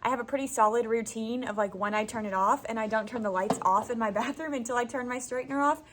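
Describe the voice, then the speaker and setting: A woman's voice: on the high side, quick pace, noisy background. A young woman from Florida, a first grade teacher, chatting casually to camera in her classroom, laughing easily and saying "y'all" and "like" a lot. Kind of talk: casual vlog chat. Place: classroom, indoors.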